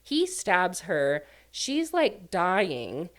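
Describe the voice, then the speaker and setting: A woman's voice: lowish voice, wildly swooping pitch, extremely slow. A woman casually recapping a book plot as a reviewer, chatty and full of "like" and "um" fillers. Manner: chatty, filler-heavy, lots of "like" and "um".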